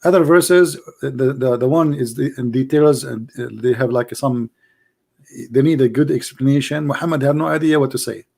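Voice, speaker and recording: Hoarse, mocking male debate host. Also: medium pitch, moderate pace, a little mellow. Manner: mocking, combative, repeats phrases for emphasis. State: losing his voice, coughing. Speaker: host of a live call-in debate stream. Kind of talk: live call-in debate, addressing callers and viewers.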